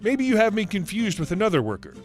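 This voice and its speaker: Brief: meek young shop worker guy, voiced by the male narrator, soft and polite. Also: high voice, sing-song, fast, faint music behind.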